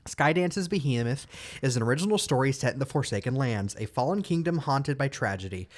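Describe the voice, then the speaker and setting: A man co-hosting a podcast, chatting casually and reading game release blurbs quickly, tripping over words now and then. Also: medium pitch, lively intonation. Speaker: podcast co-host.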